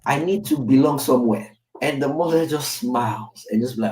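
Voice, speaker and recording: Mellow Nigerian man, roomy distant sound. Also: mid-range voice, moderate pace. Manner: candid storytelling with tag questions. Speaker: father, podcast speaker. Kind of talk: reflective casual podcast talk.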